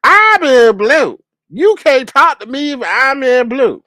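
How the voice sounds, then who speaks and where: A man imitating a whiny grown man who brags about his rank, in a high, drawn-out voice. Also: big pitch swings, pushed and bright, dry recording, clean studio sound, exaggerated voice. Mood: whining. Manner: whining, drawn-out.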